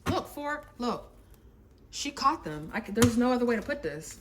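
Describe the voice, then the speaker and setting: A woman's voice: fairly high pitch, sing-song, normal speed, background noise. A woman giving a casual tarot reading, telling a love-triangle story in a dramatic, gossipy, profane way. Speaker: tarot reader.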